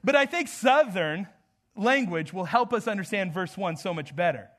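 A pastor from the American Southwest delivers a sermon in a notably high voice for a man. He keeps it loose and conversational, joking with the congregation and laughing between points. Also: lively intonation, moderate pace, a bit bright.

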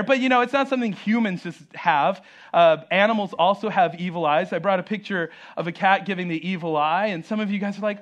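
A man delivers a sermon in a high, light voice. He talks animatedly, drops in joking asides and slips into acted-out voices when he quotes people. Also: quick pace, fairly bright tone. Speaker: pastor.

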